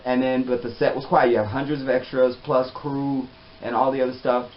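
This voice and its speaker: A man telling a personal story in a casual, animated way, often trailing off softly. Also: mid-range voice, brisk. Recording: slightly dull with faint hiss.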